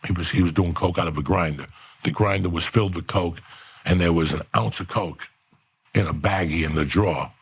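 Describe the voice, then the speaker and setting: A middle-aged man with a very low, gravelly voice tells a story on a podcast. He swears freely and slips into the voices of the people he describes, his tone husky and rough. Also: brisk. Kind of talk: animated storytelling.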